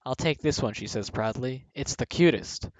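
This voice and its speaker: A man's voice: mid-range voice, normal speed, no echo. Man reading jokes, laughing between lines. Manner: breaks into laughter mid-sentence. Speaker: video host reading jokes aloud. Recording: dull, dry home recording.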